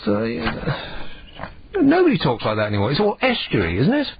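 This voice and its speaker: A man's voice: a little high, wildly swooping pitch, moderate pace, gravelly, noisy background. A sardonic man hosting a late-night radio phone-in, scoffing at what he reads out. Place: radio studio. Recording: dull lo-fi radio broadcast.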